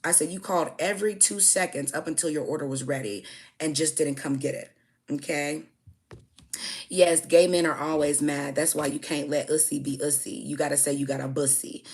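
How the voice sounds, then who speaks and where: A woman's voice: low voice, vocal fry, a little mellow. A young woman telling a heated storytime rant about a customer. She swears freely and keeps punching lines with "okay?". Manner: emphatic, profane, keeps tagging "okay?". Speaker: food business owner.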